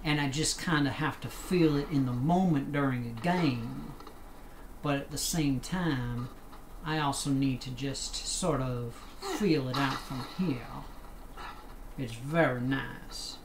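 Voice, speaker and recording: A chatty man streaming a game, upbeat and thankful toward his viewers. He rambles through asides at a middling pitch, with faint noise behind him. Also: slow. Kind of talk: casual live game commentary.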